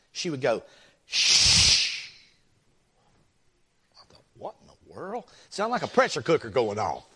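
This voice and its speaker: A man's voice: on the high side, a bit bright. A middle-aged man, a guest preacher who prays and tells folksy stories in a sermon. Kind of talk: sermon with prayer and storytelling.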